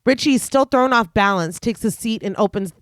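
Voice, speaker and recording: A woman's voice: fairly high pitch, normal speed, no room sound. A woman co-hosting a casual horror podcast, reading scene recaps and joking between them. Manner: reads plot summary then jokes and laughs.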